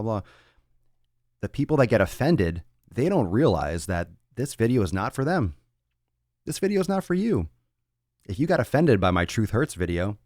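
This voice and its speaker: A man's voice: on the low side, a little mellow, no echo, clean studio sound. A man hosting a fitness podcast, ranting bluntly with lots of swearing and tough-love talk. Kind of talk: casual podcast rant.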